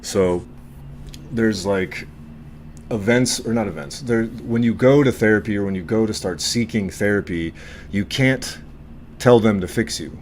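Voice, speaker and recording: A man's voice: lowish voice, a little slow, a little hiss or hum. A man co-hosting a casual group chat among veterans, talking bluntly with lots of swearing. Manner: blunt, profane, animated storytelling. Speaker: podcast co-host, veteran.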